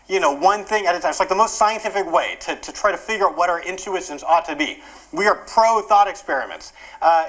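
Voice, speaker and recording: A male workshop speaker explains ideas at a brisk clip. His pitch swings lively and expressive, and he keeps the room engaged with an animated delivery. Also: rough recording. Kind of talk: conference workshop lecture.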